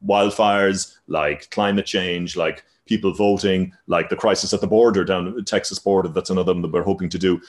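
A man, a news reporter, answering an interview in a measured, reflective way with hedging fillers. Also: low-pitched, fairly even intonation.

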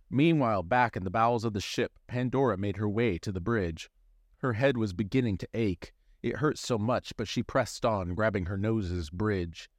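A man's voice: fairly low pitch, dry recording, studio quality. A man narrating a scripted adventure story, reading aloud expressively.

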